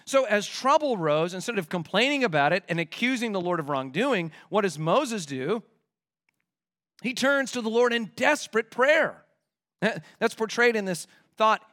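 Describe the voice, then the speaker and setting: Guy preaching a sermon, pretty high voice, super animated, talks like he's chatting with you. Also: normal speed. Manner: animated, conversational preaching with vivid examples. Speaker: pastor.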